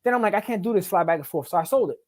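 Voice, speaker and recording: A man's voice: high voice, animated, racing, a little mellow. A man telling his life story as a podcast guest, in profane street slang, often asking "right?" and repeating words in bursts. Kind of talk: casual storytelling interview.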